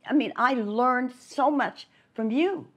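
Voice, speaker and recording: A woman's voice: high-pitched, slow, slightly rough. An older woman reminiscing in a casual conversation, speaking in an effusive, enthusiastic way. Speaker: honoree in conversation.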